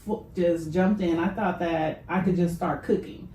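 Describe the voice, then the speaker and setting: A woman's voice: on the low side, fairly even intonation, normal speed, warm tone, a little hiss or hum. Middle-aged woman, echoey room. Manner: earnest, laughs easily. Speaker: guest, chef and business owner. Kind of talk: casual interview.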